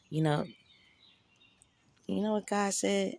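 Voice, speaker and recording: Slow, gravelly woman telling a raw story. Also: medium pitch, a little mellow. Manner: raw, profane, emotional storytelling; slangy and conversational. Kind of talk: personal storytelling monologue.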